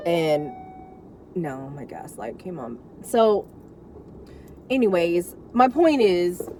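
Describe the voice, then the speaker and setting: A woman's voice: fairly low pitch, sing-song, takes it slowly, dark tone, slight background noise. A woman candidly telling her caregiving story in an unscripted, emotional talk from inside a car, full of asides. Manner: frank, emotional, rambling with many asides. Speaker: vlogger sharing caregiving story.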